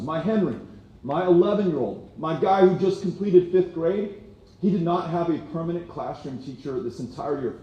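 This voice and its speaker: A man in his forties makes an emphatic campaign speech. His voice is mellow and a little high. The hall around him is very echoey. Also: dull audio. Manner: impassioned, emphatic. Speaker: political candidate.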